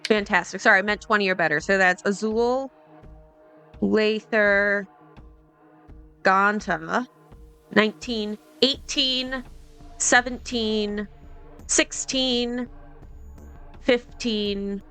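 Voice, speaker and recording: A woman running a tabletop game as game master, narrating and calling out turns in a measured way. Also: medium pitch, sharp tone, clean tone, soft background music.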